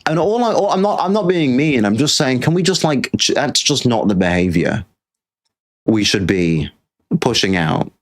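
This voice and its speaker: On his own podcast, a British host with a mid-range voice and lively intonation rants at a moderate pace. The monologue is casual and blunt, peppered with swearing and repeated phrases.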